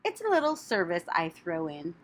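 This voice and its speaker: A woman voicing a calm, wise female spider who speaks softly and sweetly but firmly. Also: on the low side. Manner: soft, sweet, brisk.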